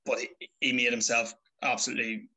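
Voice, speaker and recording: Animated young man telling stories. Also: mid-range voice, brisk, poor audio. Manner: animated storyteller acting out quotes. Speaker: podcast guest, trainee wrestler. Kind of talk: casual chat.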